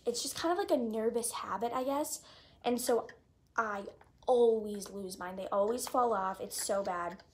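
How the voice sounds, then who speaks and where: A woman's voice: a little high, normal speed, a little hiss or hum. A teenage girl chatting casually in a haul video, gushing over her things and filling her talk with "like.". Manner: gushing, chatty, lots of "like" fillers. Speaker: vlogger.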